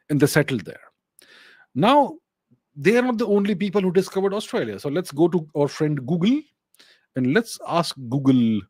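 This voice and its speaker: Lively Indian man hosting a Q&A. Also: a little high, husky, no echo. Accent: Indian English. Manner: lively explainer, rhetorical questions, thinks aloud. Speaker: host answering viewer questions. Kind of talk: solo Q&A livestream.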